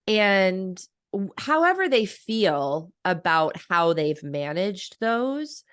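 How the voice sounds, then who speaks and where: A woman's voice: medium pitch, very animated, slow, a bit bright, clear, resonant tone, dry recording, studio quality. A woman in her thirties, a coach and author, talking reflectively in a podcast interview and laughing often.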